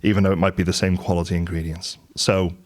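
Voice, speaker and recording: A man's voice: sits low, level tone, quick pace, darkish tone. A middle-aged man from England, giving a candid, conversational motivational talk about business and telling stories from his life. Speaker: business and property coach.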